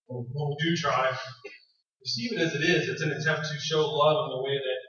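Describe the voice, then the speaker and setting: A man's voice: fairly high pitch, fairly even intonation, a little fast, bright, forceful tone. A man preaching a sermon in a folksy, conversational way, speaking straight to the congregation and telling a story. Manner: folksy, conversational, addresses the audience directly. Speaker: pastor. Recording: very echoey, distant, dull sound.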